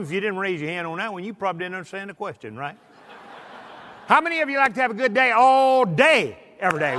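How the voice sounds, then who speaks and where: A man's voice: high voice, bright, forceful tone, a little hiss or hum. A man giving a folksy motivational speech to an audience, telling stories. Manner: folksy storyteller, acts out voices. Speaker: motivational speaker. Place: large hall with audience. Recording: hall reverb.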